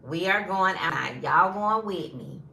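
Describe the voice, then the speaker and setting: Woman, 50s, animated chatty vlogger, slightly low and bright voice, roomy echo. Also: takes it slowly, creaky. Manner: chatty and animated, addresses viewers as y'all. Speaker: lifestyle vlogger. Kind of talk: casual storytelling vlog.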